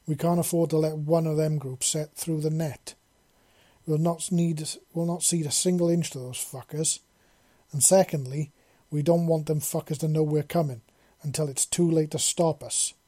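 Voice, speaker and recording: A man reading as a gruff foul-mouthed paladin. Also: fairly high pitch. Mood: forceful. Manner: swearing, forceful briefing.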